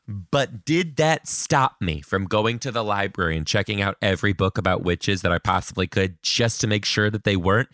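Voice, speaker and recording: A man, hosting a podcast, telling funny stories and reading listener emails in an animated, sarcastic way. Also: normal speed, no echo, clean studio sound. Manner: animated, sarcastic, jumps into high mocking voices. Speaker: podcast host.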